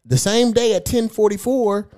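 A man's voice: high-pitched, moderate pace. A man hosting a casual podcast, telling a profane story, reading old text messages aloud and mocking the sender. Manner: animated, mocking. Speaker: podcast host.

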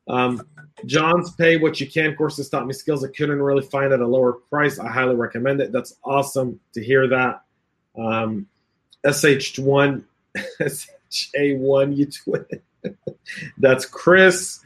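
A man's voice: mid-range voice, slow pace, pauses often, a bit bright. A man hosting a casual cybersecurity panel chat, reading out comments, joking and laughing often, with lots of fillers.

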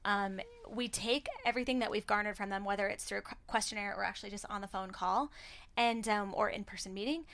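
A woman's voice: medium pitch, fast talker, fairly bright tone. A woman co-running a design business, chatting in a casual podcast conversation and acting out client exchanges. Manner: chatty, upbeat, acts out client dialogue. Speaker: design studio co-owner, guest.

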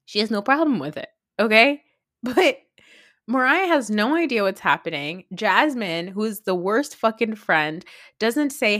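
A woman hosts a casual podcast chat, laughing through her lines and swearing freely with excitable energy. Her voice sits at an ordinary middle pitch. The recording is dry and close, with no room sound. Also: measured pace, no echo. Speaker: podcast host. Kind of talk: casual reality TV recap.

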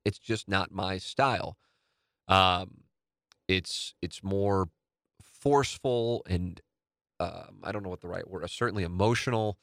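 A man's voice: lowish voice, a bit bright, no room sound, clean studio sound. A man hosting a radio podcast, talking in a casual, rambling monologue. He is blunt, swears now and then, and often restarts his sentences. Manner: rambling, with frequent restarts and stammers.

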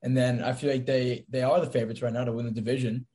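A young man co-hosts a casual football podcast, eager and teasing, quick to gush or rib his partner. His voice sits at an average pitch. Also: level tone, mellow. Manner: enthusiastic, teasing. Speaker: podcast co-host. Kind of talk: casual sports chat.

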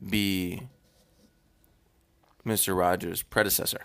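A man's voice: low-pitched, level tone, slow, vocal fry, a bit bright, clean tone. A young man co-hosting a podcast, bantering and joking in casual chat. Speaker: podcast co-host.

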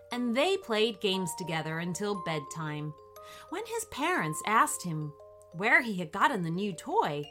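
A woman reading a children's bedtime story aloud in an expressive, lilting voice. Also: medium pitch.

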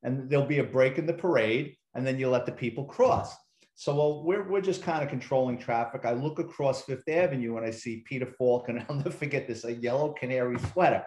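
A man's voice: medium pitch, brisk, darkish tone. A middle-aged man, a retired police detective, casually telling anecdotes and acting out quoted dialogue, with casual swearing. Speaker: interview guest, retired police detective and author. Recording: roomy echo.

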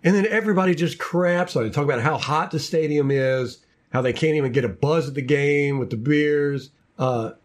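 A man's voice: on the high side, brisk, hardly any pauses. A man hosting a casual sports podcast, ranting with lots of repeated words and restarts. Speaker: podcast host.

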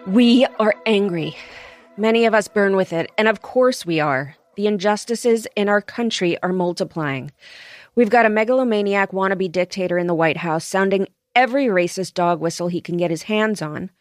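A woman's voice: mid-range voice, moderate pace, dry recording. A woman hosting a podcast, delivering a scripted monologue in an impassioned, emphatic way. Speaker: podcast host.

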